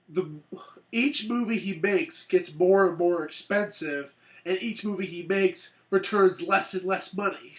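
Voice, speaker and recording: A man's voice: high voice, unhurried, roomy sound. A man co-hosting a movie review show, chatting casually in a rambling, profane way with frequent laughs. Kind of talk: casual chat.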